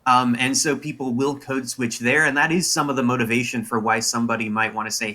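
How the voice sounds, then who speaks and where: A man's voice: medium pitch, fairly even intonation, fairly quick, few pauses, pushed and bright. A young man, a linguistics professor, explaining in a casual way with many filler words. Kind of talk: interview answers.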